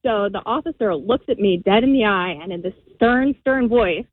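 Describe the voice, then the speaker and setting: A woman from the Philadelphia area calling in to a radio show, telling a story in an animated, chatty way. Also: mid-range voice, normal speed, no room sound. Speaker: caller. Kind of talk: casual storytelling on a call-in show. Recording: tinny phone line, dry.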